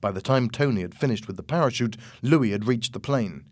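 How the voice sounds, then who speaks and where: A man narrating an audiobook chapter in a slow, measured, clear reading. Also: mid-range voice, darkish tone, dry recording.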